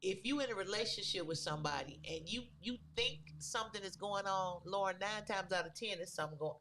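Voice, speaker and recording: A woman co-hosting a podcast, telling a personal story in a casual, animated way with loose, vernacular phrasing. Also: medium pitch, a little fast, a little hiss or hum. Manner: animated, acts out the people in her story. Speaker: podcast co-host.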